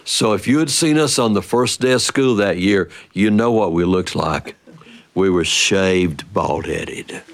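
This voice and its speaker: An older man telling a family story in a folksy, playful, drawn-out way. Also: deep voice.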